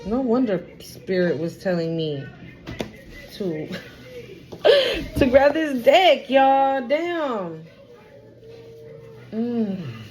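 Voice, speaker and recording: A woman's voice: a little high, very animated, drawn-out words, long pauses, darkish tone, poor audio. A woman giving a casual tarot reading to her viewers, blunt and profane, repeating her warnings for emphasis. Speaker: tarot reader.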